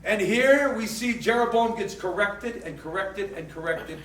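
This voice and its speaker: Man, pastor, sermon, very high voice, emphatic, roomy church echo. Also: a little slow, recorded from a distance. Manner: emphatic, repetitive, swings loud. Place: church hall.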